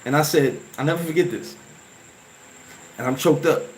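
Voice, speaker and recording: A male vlog host recounts a story in a loose, animated way, breaking off and restarting as he goes. His voice sits slightly high for a man. A faint background hum runs under the talk. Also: normal speed, poor audio. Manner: animated, emotional retelling with sound effects and restarts. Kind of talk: casual storytelling.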